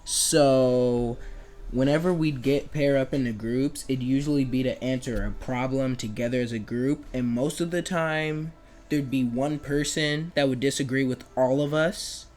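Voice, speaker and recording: A man's voice: medium pitch, fairly even intonation, unhurried, darkish tone. A young man telling comedic school stories in a chatty, sarcastic way, acting out the people he quotes. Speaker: animation storyteller. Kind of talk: comedic storytelling.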